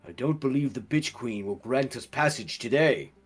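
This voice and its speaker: A gruff, worried helmsman fighting a storm at the wheel, as a game master puts him on, louder and a touch higher than the man's usual voice. He talks in old-fashioned sailor speech and pleads that the crossing is too dangerous. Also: expressive, moderate pace, soft background music, lightly acted.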